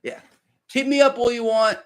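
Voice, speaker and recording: A man's voice: very high-pitched, steady tone, normal speed. A man hosting live financial commentary, ranting bluntly at his viewers and calling them "people," with lots of repeated words and restarts. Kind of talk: live solo market commentary.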